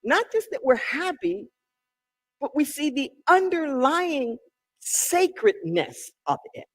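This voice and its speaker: A minister preaching a sermon with emphatic delivery, drawn-out key words and sudden loud calls. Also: high voice, sing-song. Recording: long reverb in a large hall.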